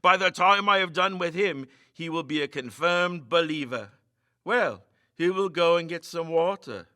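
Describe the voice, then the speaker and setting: A bold, mocking young man, as a storyteller puts him on, speaking loudly with a teasing edge. The voice is bright and forceful with lively rises and falls, heard up close and dry. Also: fairly high pitch, unhurried, smooth, no room sound, voice pushed up. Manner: loud, teasing, jeering.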